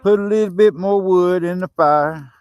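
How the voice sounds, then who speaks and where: A man's voice: high voice, moderate pace, a little mellow, clear, resonant tone, no echo, highs cut off. A man in his fifties from Arkansas with a Southern accent, co-hosting a casual outdoor livestream chat by a fire in a folksy, easygoing way. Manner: folksy, easygoing, laughs easily. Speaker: co-host of a homesteading livestream.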